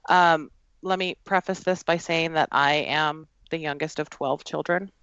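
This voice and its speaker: Low-voiced woman telling a personal story. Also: fairly even intonation, fairly bright tone, clean tone, no echo, lo-fi sound. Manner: earnest, halting, with frequent fillers. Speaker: guest. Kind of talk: personal storytelling in a podcast conversation.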